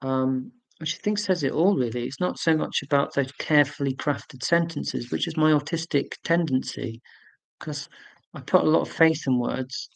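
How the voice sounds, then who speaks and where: A man's voice: on the high side, moderate pace, gravelly, no echo, poor audio. Man, forties, live stream host, rambling casual chat, dry close sound. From United Kingdom. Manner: rambling, chatty, with frequent fillers and self-corrections.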